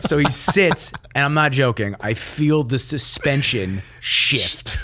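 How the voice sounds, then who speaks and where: Animated laughing storyteller man. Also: medium pitch, slow. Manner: animated, laughs a lot, swears freely, acts out dialogue. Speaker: podcast co-host. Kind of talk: casual storytelling chat.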